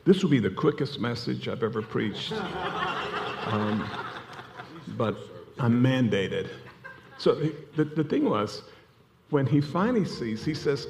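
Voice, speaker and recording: A man's voice: medium pitch, lively intonation, a little slow, creaky, a little mellow. A man preaching a sermon, telling a story with energy and acting out the voices of the people in it. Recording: hall reverb with music behind. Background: music.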